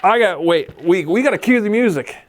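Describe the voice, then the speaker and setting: A man's voice: sits high, lively intonation, a little fast, slight background noise. A man co-hosting a podcast, chatting casually in a rambling, profane way. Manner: rambling, profane, repeats himself. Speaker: podcast co-host. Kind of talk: casual banter.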